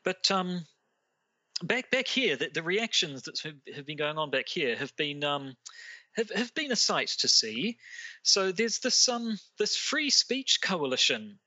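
A man's voice: a little high, very animated, unhurried, sharp tone, no echo. A man co-hosting a podcast, talking casually and often stopping to restart and repeat words. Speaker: podcast co-host. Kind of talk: casual discussion.

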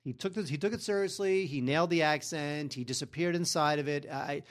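Podcast guy with a slightly high voice, kinda hesitant, lots of ums while reviewing movies. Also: brisk. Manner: hesitant, many ums and restarts. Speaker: podcast co-host. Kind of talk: casual film review chat.

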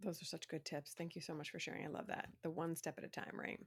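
A woman's voice: sits low, little pitch movement, fast talker, vocal fry. A woman hosting a podcast interview, affirming her guests and chatting in an encouraging way. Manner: affirming and encouraging, asks with "right?". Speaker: podcast host. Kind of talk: casual interview chat.

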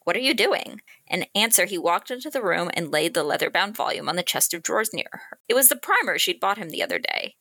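A woman co-hosting a book podcast, chatting excitedly and reading a romance passage aloud. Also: lowish voice, fast talker, hardly any pauses, no room sound. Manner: excitable, laughs easily. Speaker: podcast co-host.

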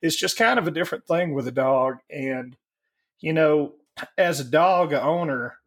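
A man in his forties chats on a podcast with crude, joking humor, often stalling and restarting. He speaks slowly and unhurriedly. His voice sits somewhat high for a man. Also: lively intonation. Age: 40s. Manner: slow, joking, profane, with halting restarts. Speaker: podcast co-host. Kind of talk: casual chat.

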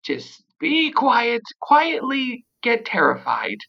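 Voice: mid-range voice, wildly swooping pitch, slow, gravelly, highs cut off, pitched above the performer's own voice, full character voice. A game master voicing a flustered female school teacher who makes over-polite, frantic announcements during tabletop role-play. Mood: frantic soothing.

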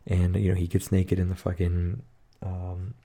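A man's voice: low-pitched, monotone, a little slow, creaky, dark tone. A man co-hosting a podcast, casually recapping a horror movie in a rambling, profane way with lots of fillers. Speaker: podcast co-host.

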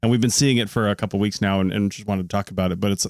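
A man's voice: on the low side, racing, hardly any pauses, no echo, clean studio sound. A man in his forties co-hosting a podcast in casual, joking chat. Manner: joking, laughs often, relaxed. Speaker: podcast co-host.

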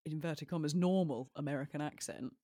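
A woman's voice: low voice, a little fast, mellow, dry recording, studio quality. A young woman with a Southern English accent, chatting playfully and teasing as a podcast co-host. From England. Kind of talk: casual chat.

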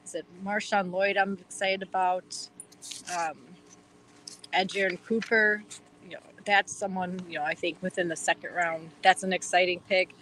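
A woman's voice: on the low side, flat delivery, moderate pace, fairly bright tone, a little hiss or hum, poor audio. A woman with a Wisconsin accent, chatting eagerly as an interview guest, rambling with lots of fillers. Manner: enthusiastic, rambling with many fillers. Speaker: guest fan. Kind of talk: casual interview chat.

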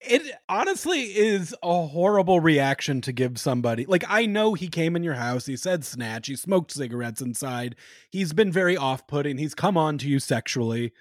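A man with a slightly high, very lively voice, talking over a movie with a friend. He jokes, swears and riffs loosely. The sound is close and dry. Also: normal speed, no room sound. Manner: animated, profane, joking. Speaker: podcast co-host. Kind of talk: casual chat.

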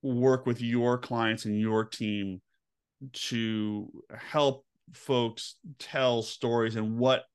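A man's voice: medium pitch, steady tone, extremely slow, smooth. A man hosting an interview, summarizing points and asking long, loosely worded questions. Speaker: podcast host, interviewer. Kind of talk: conversational interview.

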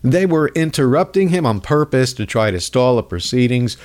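A man's voice: medium pitch, animated, normal speed, darkish tone. A man hosting a comedic political rant in a mocking, rambling way. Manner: mocking, rambling, jumps into voices. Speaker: host.

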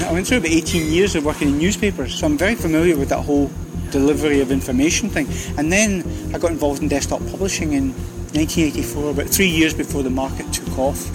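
A man's voice: on the high side, rough recording. A Scottish man in his sixties, a guest telling stories about his career in a busy cafe, recorded on a handheld mic. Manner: reflective anecdotal storyteller. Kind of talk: conversational interview. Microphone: handheld field recorder held close.

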